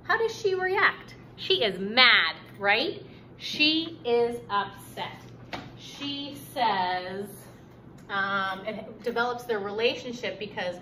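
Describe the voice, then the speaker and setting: Bright, animated woman teacher doing a recorded lesson for kids, slow and encouraging, faint hiss behind. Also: fairly high pitch. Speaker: fourth grade teacher. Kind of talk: recorded online reading lesson.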